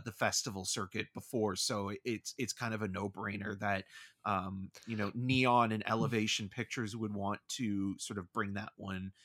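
A man's voice: fairly low pitch, fairly bright tone. A man co-hosting a casual film podcast, rambling and hedging with frequent "like" and "I mean". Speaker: podcast co-host discussing films.

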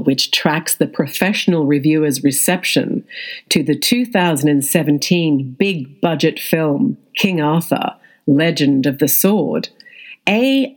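Woman actor, slow and deliberate essay narration, deep and slightly husky. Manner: measured, deliberate reading. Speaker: actor and media studies student. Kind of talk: scripted audio essay narration.

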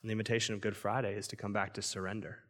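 A man's voice: on the low side, little pitch movement, very fast, fairly bright tone. A man preaching a sermon in a casual, conversational way, acting out inner voices and peppering his speech with "like". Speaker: pastor. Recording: long hall reverb.

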